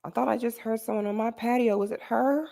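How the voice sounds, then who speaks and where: A woman's voice: fairly high pitch, steady tone, a little fast, creaky, dark tone. A woman hosting a reaction commentary, exclaiming dramatically and rambling with restarts in casual slang, speaking to her viewers. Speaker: host.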